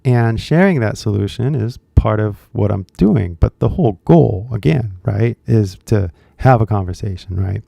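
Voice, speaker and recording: A man's voice: lowish voice, lively intonation, unhurried, creaky, few pauses, mellow, no echo. An American man, an English teacher, talking casually on a live stream and rambling with lots of "you know" and "like" fillers. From United States.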